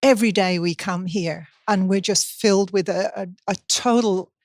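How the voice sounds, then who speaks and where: A woman speaking excitedly in a testimonial. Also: medium pitch, normal speed, dry recording, studio quality. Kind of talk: enthusiastic testimonial.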